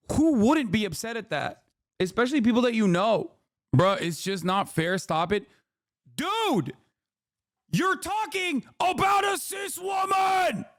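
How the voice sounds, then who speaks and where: A man's voice: sits high, no room sound, clean studio sound. A male streamer in a profane, exasperated livestream reaction rant.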